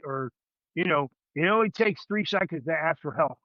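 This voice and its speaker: A man's voice: a little high, animated, moderate pace, dry recording, highs cut off. A man in his fifties, a veteran guest on a podcast, talking in a rambling, emphatic way and saying "man" constantly. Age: 50s. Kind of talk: casual podcast conversation.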